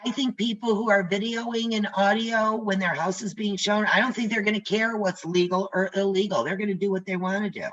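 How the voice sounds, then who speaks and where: An older woman instructor talks to her trainees over a video call in a chatty, direct way, often telling stories from the job. Her voice is bright and forceful. The sound is slightly muffled. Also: mid-range voice, fairly even intonation, a little fast, few pauses. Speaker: real estate instructor. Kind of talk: casual teaching on a video call.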